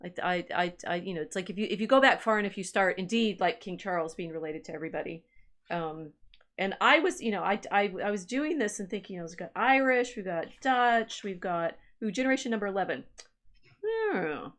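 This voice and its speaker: A woman's voice: mid-range voice, fast talker, a bit bright. A woman historian chatting on a livestream, reading family-tree records aloud with musing asides and restarts. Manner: reads genealogy records aloud, musing and self-interrupting. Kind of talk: casual livestream chat.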